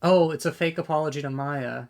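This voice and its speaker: A man with a voice pitched a bit above most men's rants through a casual reaction commentary. He sounds exasperated and swears freely. He keeps repeating and restarting words as he talks to himself about what he reads. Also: brisk, vocal fry. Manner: talks to himself while reading posts aloud. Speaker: reaction video host.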